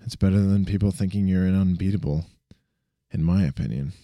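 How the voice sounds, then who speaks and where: Man reading as a low, calm young hero, matter-of-fact, dark tone. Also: brisk, no echo, clean studio sound.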